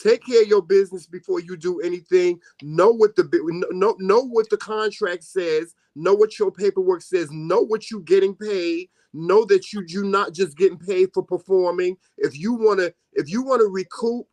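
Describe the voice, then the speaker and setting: A man's voice: high voice, normal speed, hardly any pauses, a little mellow, no echo. A man co-hosting a casual chat, earnestly giving advice and repeating points for emphasis. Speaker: co-host.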